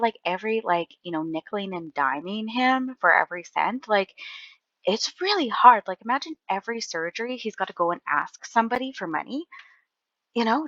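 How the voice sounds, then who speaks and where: Female commentator, lower register, rambling and exasperated, dull dry recording. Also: a bit bright, no echo. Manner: rambling, exasperated, heavy use of "like". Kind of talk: casual reaction commentary.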